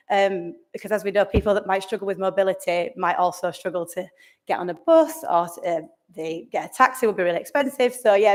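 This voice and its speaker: Woman, conference presenter, enthusiastic, searches for words and restarts sentences, mid pitch. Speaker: conference speaker. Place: conference room.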